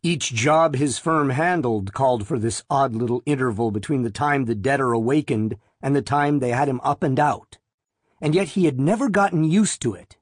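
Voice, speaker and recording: A man narrating an audiobook in a measured, deliberate reading voice. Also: mid-range voice, slightly rough, dry recording, studio quality.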